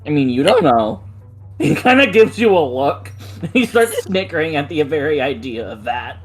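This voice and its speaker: Player voicing a jittery young guy, lively swooping voice, laughs a lot. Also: medium pitch, moderate pace, breathy edge, faint music behind. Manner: animated, laughing. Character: nervous young man Wirt. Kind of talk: tabletop role-play.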